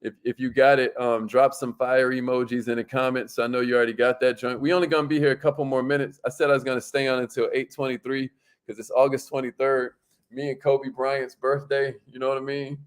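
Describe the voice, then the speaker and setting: A man's voice: medium pitch, level tone, quick pace, clear, resonant tone. A man hosting a livestream in an upbeat, slangy, casual way, reading out viewer comments and laughing often. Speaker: livestream host.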